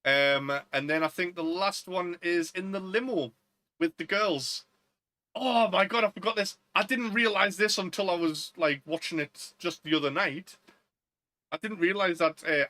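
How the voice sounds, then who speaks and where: A man's voice: high-pitched, sharp tone, dry recording. A man, co-hosting a casual film chat podcast, joking and acting out scenes. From Northern England. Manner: jokey, laughs a lot, acts out film lines. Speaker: podcast co-host.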